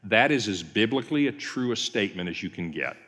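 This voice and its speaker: Animated male pastor in a reverberant hall. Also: lowish voice, a little fast. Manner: conversational storytelling, acts out quoted lines. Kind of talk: teaching sermon, Bible study session.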